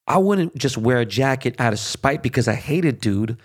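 A man's voice: medium pitch, moderate pace, hardly any pauses. Profane, ranting man host. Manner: profane, heated ranting with many fillers and restarts. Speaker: show host. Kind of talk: casual monologue.

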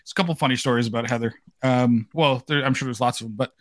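A man's voice: mid-range voice, fairly even intonation, quick pace, fairly bright tone. An American man hosting a podcast over a video call, telling rambling stories with frequent laughter. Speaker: podcast host. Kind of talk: casual chat.

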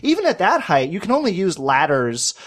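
A man's voice: sits high, wildly swooping pitch, fairly quick, a bit bright. A man co-hosting a casual trivia podcast, telling stories and reading old articles with some dramatic flair. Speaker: podcast co-host.

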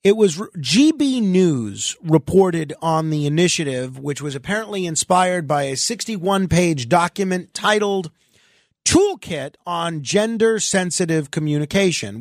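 A man hosting a talk radio show, his voice pitched high for a man with a gravelly rasp at the edges. He comments with sarcasm and mock exasperation and drifts into chatty asides. The studio microphone sound is close and dry. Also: lively intonation, moderate pace, no echo.

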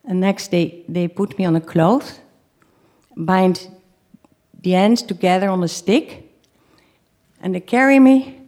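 A woman telling a true first-person story to a live audience, halting at times, repeating and restarting phrases, and acting out her own pleas. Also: on the low side, warm tone.

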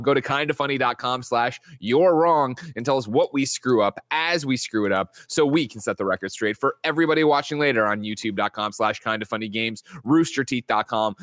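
A man hosting a casual video game news show, joking and talking in a quick, energetic way. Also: lowish voice, dry recording. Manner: energetic, joking, rapid-fire host delivery. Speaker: host.

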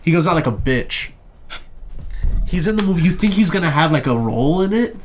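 A man's voice: fairly high pitch, expressive, a little hiss or hum. Rambling, profane young man recapping a movie. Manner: rambling, profane, acts out characters' lines in quick impressions. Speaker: podcast co-host reviewing a movie. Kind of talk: casual chat.

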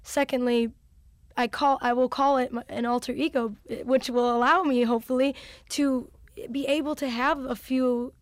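A woman's voice: high-pitched, fairly even intonation, moderate pace, no room sound. A young adult woman musician chatting casually as an interview guest, full of "like" and "you know".

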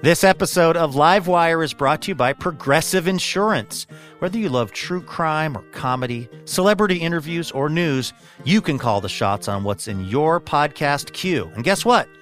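A man's voice: on the high side, animated, normal speed, a bit bright, faint music behind. Upbeat male ad announcer. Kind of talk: read advertisement.

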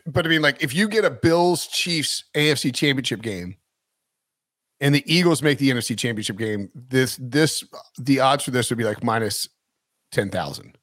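A man hosting a sports podcast, thinking aloud as he chats about betting odds. He rambles and keeps restarting his sentences. His voice sits in a middle pitch, and the recording is close and dry. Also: moderate pace, fairly bright tone, no room sound. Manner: rambling, many restarts and fillers. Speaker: podcast host. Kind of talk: casual sports betting chat.

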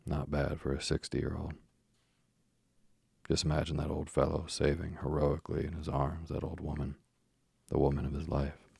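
Very deep gravelly male narrator. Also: dry recording. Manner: soft, even, unhurried delivery. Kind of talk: slow sleep-story reading.

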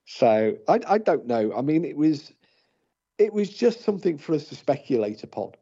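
Co-host, male, hesitant and chatty, husky mellow tone, dull lo-fi radio sound. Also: a little high, very animated, moderate pace. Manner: hesitant, many fillers and restarts. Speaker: paranormal investigator, co-host. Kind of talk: casual radio talk.

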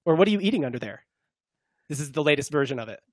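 A man's voice: fairly high pitch, lively intonation, rapid-fire, dry recording, clean studio sound. A young man co-hosting a casual sports chat, reacting to clips with playful laughs. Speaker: co-host.

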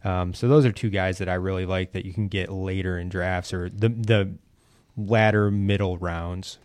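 A man pitching fantasy basketball sleepers in a casual podcast chat, enthusiastic and prone to stumbling restarts. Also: steady tone, moderate pace, a little mellow, no echo.

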